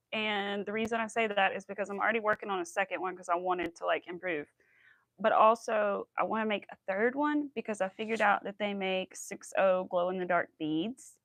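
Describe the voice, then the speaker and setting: A woman's voice: mid-range voice, a bit bright, no room sound, poor audio. A woman hosting a crochet livestream, chatting casually and rambling while she works. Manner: chatty, bubbly, rambling with many likes and ums.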